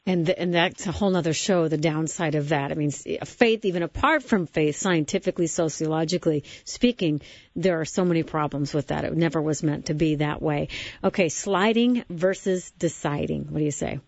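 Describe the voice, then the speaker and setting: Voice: medium pitch, fairly quick, no room sound. A host asking questions and affirming answers in a conversational interview. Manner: responsive, affirming. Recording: dull lo-fi audio.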